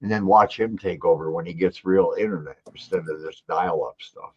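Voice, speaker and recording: An older man hosting a casual livestream, teasing and reading out viewer comments with lively energy. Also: low voice, a little fast, slightly rough. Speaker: livestream host. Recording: dull lo-fi audio.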